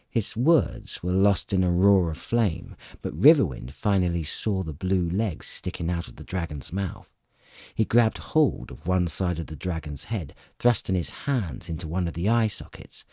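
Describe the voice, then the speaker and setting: A deep, dark male voice narrating a fantasy novel with an unhurried, dramatic delivery. His pitch moves expressively, and the voice has a husky grain. The recording is dry and close-miked. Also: very animated, dry recording. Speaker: audiobook narrator.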